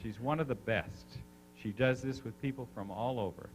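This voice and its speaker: A man leading a live seminar, an animated storyteller who coaxes the audience with questions. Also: mid-range voice, normal speed, faint music behind, rough recording. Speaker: seminar speaker.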